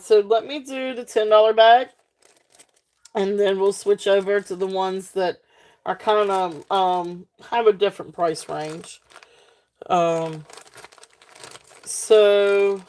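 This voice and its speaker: A woman's voice: mid-range voice, steady tone, takes it slowly, long pauses, a little mellow. A woman with a Southern US accent hosting a live sale, chatting casually with many ums and frequent giggles. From Southern United States. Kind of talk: casual live-stream selling.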